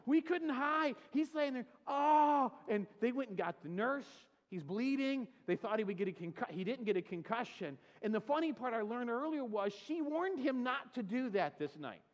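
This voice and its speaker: Animated high-voiced pastor in a reverberant hall. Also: male voice, moderate pace, hardly any pauses. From California. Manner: animated storyteller, acts out quotes, self-deprecating humor. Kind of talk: sermon with storytelling. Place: church sanctuary.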